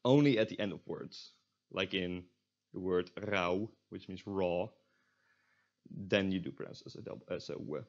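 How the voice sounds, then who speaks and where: A man's voice: low-pitched, lively intonation, moderate pace, a little mellow. Dutch-accented man teaching, lo-fi sound. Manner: explains step by step, stops to correct himself. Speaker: language tutor. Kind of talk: casual recorded lesson. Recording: dull lo-fi audio.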